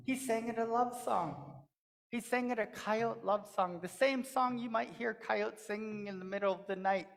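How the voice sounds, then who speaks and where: A woman storyteller telling a traditional tale during a church service in a rhythmic, repetitive way, with pauses. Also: on the high side, creaky. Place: church sanctuary. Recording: long echo of a church hall.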